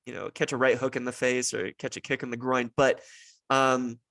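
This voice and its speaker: A man's voice: medium pitch, flat delivery, normal speed, vocal fry, fairly bright tone, no room sound, studio quality. A young man hosting a solo podcast about fatherhood, talking earnestly and thoughtfully with many "you know" fillers. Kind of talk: reflective solo podcast monologue.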